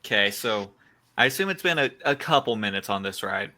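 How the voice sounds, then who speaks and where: A man plays in a tabletop game and lays out his character's actions in a relaxed way. His tone is bright and forceful. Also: on the low side, brisk. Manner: relaxed, storytelling his moves. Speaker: player. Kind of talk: tabletop role-play chat.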